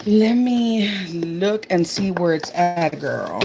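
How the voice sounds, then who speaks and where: A woman's voice: on the low side, sing-song, takes it slowly, gravelly, hardly any pauses, background noise. A young woman with a Texan accent chatting casually on a live stream, reading viewer comments aloud and calling everyone "girl". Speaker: livestreamer.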